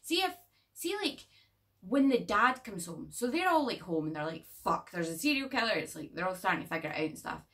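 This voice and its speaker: A woman casually reviewing a horror movie in a chatty, animated way, swearing freely. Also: medium pitch, a little fast, far from the mic.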